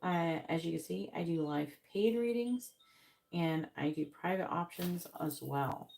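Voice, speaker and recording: A woman's voice: lowish voice, unhurried, creaky, a little mellow. A tired woman hosting a tarot live stream, chatting casually and rambling, with many ums and self-corrections.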